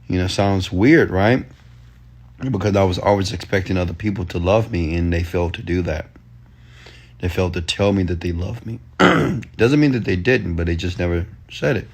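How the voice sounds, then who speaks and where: Low-voiced man giving a motivational rant. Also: moderate pace, a little mellow. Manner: emphatic and preachy, repeats commands to the audience; loose, slangy casual talk with restarts. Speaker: entrepreneur and motivational speaker.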